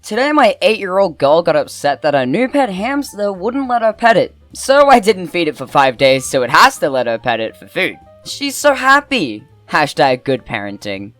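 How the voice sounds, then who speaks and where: Woman host, lively pitch swings, sarcastic reactions, faint music. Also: moderate pace, hardly any pauses. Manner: animated, exaggerated reactions, sarcastic asides. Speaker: host and narrator. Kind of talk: reading funny posts aloud with commentary.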